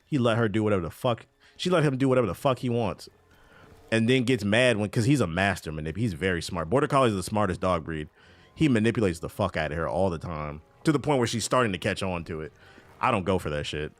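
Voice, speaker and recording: Animated, swearing male streamer. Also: on the low side, fast, no echo. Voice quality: profane, loose and animated. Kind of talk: casual chat while gaming on stream.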